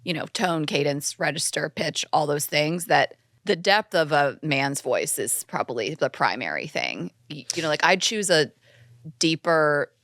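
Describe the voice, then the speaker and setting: Chatty woman with a very low voice. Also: lively intonation, unhurried, fairly bright tone, no room sound, clean studio sound. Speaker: podcast co-host. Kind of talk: casual podcast chat.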